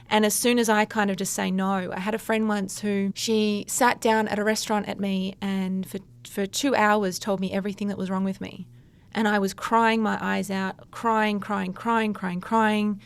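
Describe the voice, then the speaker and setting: A woman's voice: medium pitch, little pitch movement, moderate pace, gravelly, smooth. A woman, a counselor, talking openly and reflectively as a podcast host. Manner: open, personal, reflective. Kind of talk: casual conversation.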